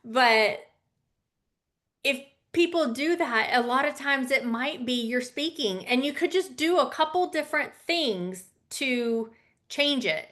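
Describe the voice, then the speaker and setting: A woman's voice: high-pitched, animated, unhurried, fairly bright tone. A woman teaching a casual lesson on public speaking, conversational with fillers and asides.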